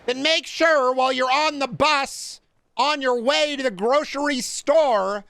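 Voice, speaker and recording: A man doing a slow, drawling ghost director. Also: extremely high pitch, a bit bright, no room sound, pitched above the performer's own voice, full character voice. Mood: eerie. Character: impression of a famous film director as a house ghost.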